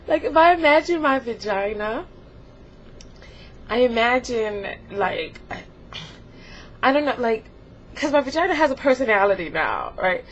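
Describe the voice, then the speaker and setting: A woman's voice: on the high side, lively intonation, measured pace, pauses often. Giggly, rambling woman vlogger. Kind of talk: comedic confessional vlog. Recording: slightly dull home video, faint hiss.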